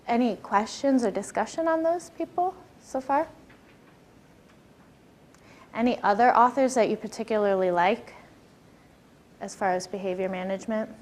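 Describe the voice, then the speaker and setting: A woman's voice: on the high side, moderate pace, long pauses, a little mellow, a little hiss or hum. A woman giving a workshop lecture on classroom behavior, talking conversationally and asking her audience questions.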